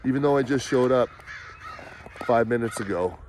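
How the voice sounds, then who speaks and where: A man impersonating a pompous, droning middle-aged male politician who makes slow, solemn, self-important pronouncements while he walks outdoors. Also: medium pitch, a little mellow, slight background noise, lightly acted. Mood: smug solemn. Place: outdoors in woods, walking.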